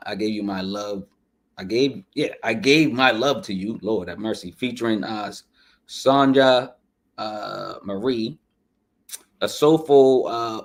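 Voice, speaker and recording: Low-voiced man chatting through a review. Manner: loose and chatty, full of shout-outs and asides, often saying "you know what I'm saying". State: runny nose. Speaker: podcast host reviewing an album. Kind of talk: casual music review chat.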